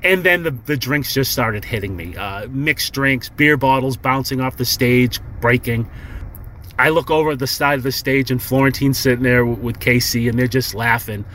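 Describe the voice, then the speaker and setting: A man's voice: medium pitch, moderate pace, fairly bright tone, slight background noise. A man calling in to a podcast, telling a rambling comic story full of swearing and "he goes". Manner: profane, rambling, lots of "he goes" retelling. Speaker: caller leaving a message for a podcast. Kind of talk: casual comedic storytelling.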